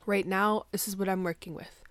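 A woman talks loosely into her podcast mic in a small bedroom, her voice groggy and congested in the morning. She rambles in a chatty way, filling gaps with "like". Her pitch sits mid-range and the sound is close and dry. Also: steady tone, a little fast, fairly bright tone, no room sound. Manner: chatty, rambling, heavy use of "like". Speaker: podcast host. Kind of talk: casual solo podcast chat. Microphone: plugged-in podcast mic.

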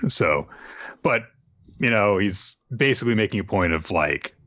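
A man casually recapping an anime episode as a podcast co-host, rambling with fillers and quick asides. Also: lowish voice, animated, pushed and bright, dry recording, highs cut off. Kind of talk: casual chat.

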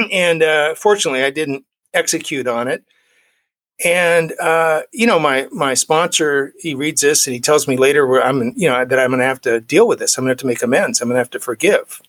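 A man's voice: fairly high pitch, brisk, a bit bright. A middle-aged man in his forties, a guest telling a personal recovery story, acting out the dialogue he quotes.

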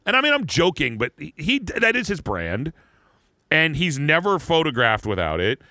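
Animated, laughing man on a bright dry podcast. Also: on the high side, moderate pace, dry recording. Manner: rambling, animated, frequent "like" and laughter, playful mock voices. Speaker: podcast co-host. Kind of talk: casual comedic chat.

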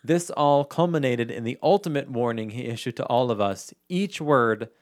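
A man with an ordinary mid-range voice reads and tells stories on a casual chat show. His delivery is relaxed and amused, and he laughs easily. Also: medium pitch, moderate pace, no echo, studio quality. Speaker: podcast co-host.

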